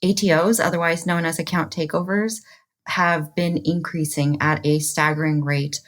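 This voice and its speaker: A woman's voice: low voice, fairly even intonation, moderate pace. A woman guest in an interview, explaining industry data in a matter-of-fact way. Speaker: interview guest, trust and safety architect. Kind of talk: interview answer.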